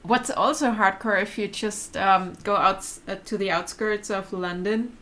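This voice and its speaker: A woman's voice: medium pitch, a little slow, bright, forceful tone. A young German woman, German her first language, co-hosting a casual livestream chat and laughing often. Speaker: vlog co-host.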